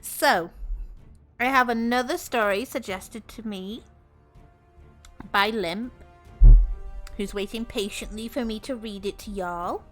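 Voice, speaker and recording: A young woman chats with her viewers on a live stream, teasing them and giggling constantly. Her voice is bright and a little high, and she speaks at an unhurried pace. Faint music plays underneath. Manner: giggly, teasing, laughs often. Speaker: VTuber streamer.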